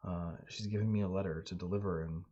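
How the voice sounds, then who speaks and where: A man's voice: sits low, steady tone, fast, noisy background, close to an everyday voice. A man doing an anxious young man. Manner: hesitant, repeats himself. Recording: dull lo-fi audio.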